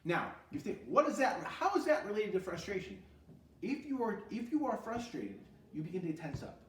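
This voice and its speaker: A man with a high, lively voice leads a children's music therapy lesson, asking questions and answering them himself. He now and then slips into short sung lines, heard a little off-mic in an echoey room with guitar behind him. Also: moderate pace, far from the mic, a little hiss or hum. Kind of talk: recorded e-learning lesson for children.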